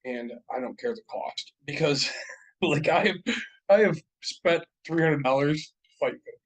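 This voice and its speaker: A man's voice: on the high side, animated, a little slow, rough recording. A young man co-hosting a casual podcast chat, telling long profane stories full of fillers and laughs. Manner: profane, rambling storytelling with frequent laughs and fillers. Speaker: podcast co-host.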